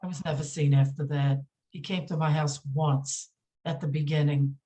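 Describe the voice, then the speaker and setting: Low-voiced indignant woman guest. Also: steady tone, warm tone. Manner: indignant, repeats phrases for emphasis; halting, many fillers and restarts. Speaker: podcast guest. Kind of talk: emotional podcast interview.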